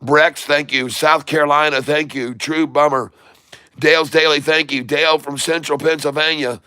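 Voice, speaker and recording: Excitable man hosting a live stream. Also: a little high, moderate pace, clean tone, no echo. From Michigan. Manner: excitable, reading out viewer shout-outs. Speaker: livestream host. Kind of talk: casual livestream chat.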